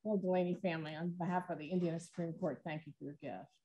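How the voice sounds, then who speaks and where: A woman's voice: on the low side, steady tone, fast, warm tone, dull audio, a little hiss or hum. A woman in her sixties, a judge, giving light, joking remarks as a guest speaker. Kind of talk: informal remarks at a ceremony.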